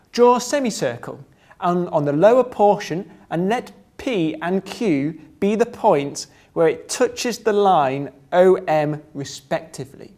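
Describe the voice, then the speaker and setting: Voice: medium pitch, a little mellow. A presenter, reading out step-by-step geometry drawing instructions and adding dry, joking asides. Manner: deliberate, dry asides, breaks into laughter at times.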